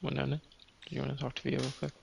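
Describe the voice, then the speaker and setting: A man's voice: medium pitch, completely flat delivery, rapid-fire, vocal fry, a little hiss or hum. A man narrating as game master of a tabletop game, explaining the setting and making rulings.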